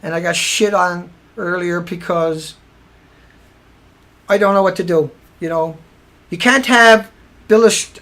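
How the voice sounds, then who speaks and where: A man's voice: very high-pitched, slow, vocal fry, long pauses, pushed and bright. A man hosting a livestream, tired and angry, ranting sarcastically with swearing, repeating himself and restarting sentences. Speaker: livestream host.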